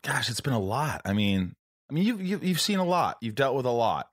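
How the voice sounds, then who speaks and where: A man's voice: medium pitch, sing-song, a little fast, no echo, studio quality. A young man hosting a casual, heartfelt conversation, speaking candidly with the odd swear word and acting out what others said. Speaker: podcast host.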